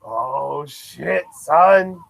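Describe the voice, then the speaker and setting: A man co-hosting a live reaction show, expressive and laughing, with swooping exclamations. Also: a little high, extremely slow, creaky. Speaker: co-host reacting to a wrestling broadcast.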